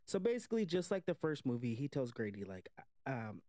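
A man's voice: mid-range voice, a little fast, dry recording, studio quality. A man casually retelling a movie plot in a loose, rambling way, full of "like" and the odd curse word. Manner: animated storytelling, slipping into quoted voices; loose, rambling, with swearing and frequent "like". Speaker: movie reviewer.

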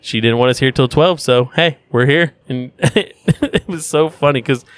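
A man's voice: mid-range voice, a little slow. A man telling work stories in casual podcast chat, swearing often and acting out quotes between laughs. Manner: animated, swearing, acts out quotes while laughing. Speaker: podcast guest.

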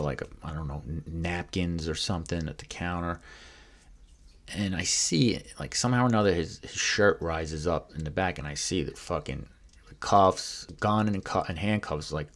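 Low-voiced man telling a profane story. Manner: profane, rambling, with many fillers and restarts; acts out other people's lines in quoted voices. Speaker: guest recounting his past. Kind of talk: casual spoken storytelling.

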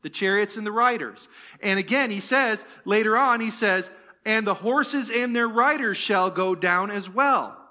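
A man's voice: high voice, unhurried, bright, forceful tone. A man preaching a sermon as pastor of a church, conversational, asking the congregation rhetorical questions and slipping in joking asides.

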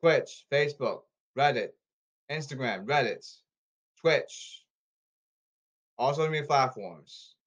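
A man ranting about baseball and social media in repetitive, halting bursts. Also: a little high. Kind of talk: rambling ranting commentary.

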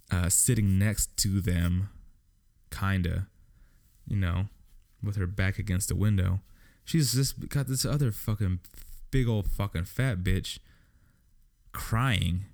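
A young man with a low-pitched voice tells a story on his solo podcast. His voice has plenty of vocal fry, and he swears constantly and sounds exasperated as he vents. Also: a little mellow. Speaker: podcast host. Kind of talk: casual solo podcast rant.

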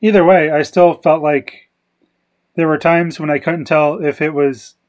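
Male podcast co-host, somewhat high voice, hesitant thinking-aloud chat. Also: steady tone, a little slow. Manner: second-guessing, thinking aloud. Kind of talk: casual movie discussion.

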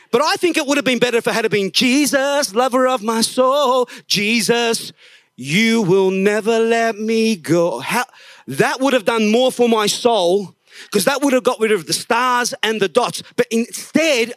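A middle-aged man preaching a sermon in a church service, emphatic, dropping to a hush and then rising, now and then singing a line of a song. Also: high-pitched, dry recording. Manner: emphatic, swings from hushed to raised, sings snatches of songs. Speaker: pastor.

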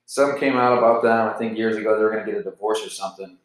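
Speaking rapid-fire with fairly even intonation, a lowish-voiced man in his twenties rambles through a casual solo podcast monologue. He's candid, profane, and jittery from caffeine, and the rough recording has a roomy sound.

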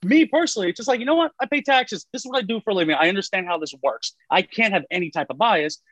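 A man's voice: high voice, animated, fast, fairly bright tone, no echo, poor audio. A man who works in taxes explains tax brackets in casual chat, with many fillers like "uh" and "like". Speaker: tax professional guest.

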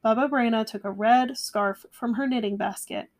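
A woman reading a children's picture book aloud in a gentle, measured way. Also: fairly high pitch. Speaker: storyteller. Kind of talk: storybook read-aloud.

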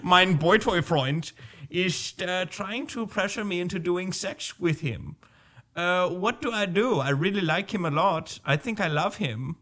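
A man voicing a shy teenage German girl with a put-on German accent, speaking slowly and haltingly. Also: bright, forceful tone. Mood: timid. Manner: slow, halting, high-pitched.

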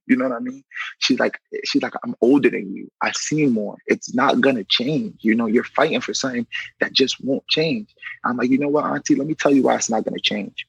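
A man's voice: mid-range voice, a little fast, creaky, slightly rough, dry recording, rough recording. A young man, a correctional officer, telling a personal story casually and acting out what others said. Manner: animated, acts out quoted dialogue; conversational, frequent "you know".

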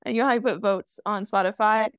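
A woman co-hosts a casual podcast chat over a call, bubbly and laughing often. Her medium-pitched voice is steady and quick, with a clean tone, no echo and studio quality despite the remote call mic.

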